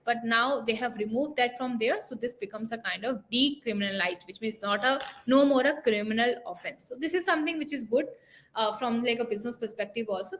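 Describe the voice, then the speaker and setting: A woman's voice: sits high, a bit bright. Indian woman explaining tax rules. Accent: Indian English. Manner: explains step by step, often checks in with a questioning "right?". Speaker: tax expert. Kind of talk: explanatory talk.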